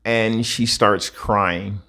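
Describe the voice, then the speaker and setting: A man telling a personal story in a casual, halting way, in short broken phrases. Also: lowish voice, steady tone, bright, forceful tone. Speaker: vlogger.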